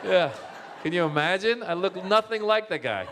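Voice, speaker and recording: A man's voice: sits high, normal speed, noisy background. A man who grew up in Northern California and speaks, telling comic stories about his family and laughing often. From born in Iran, grew up in Northern California. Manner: animated, laughing, acts out family members' voices. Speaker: comedian and author, guest speaker. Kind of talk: comic storytelling talk.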